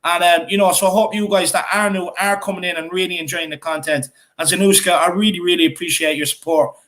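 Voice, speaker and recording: A man's voice: sits high, steady tone, fast talker, a bit bright. An Irish man co-hosting a fan channel stream, reading out viewer comments in a chatty way, with lots of fillers and repeats. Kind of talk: casual live-stream chat reading comments.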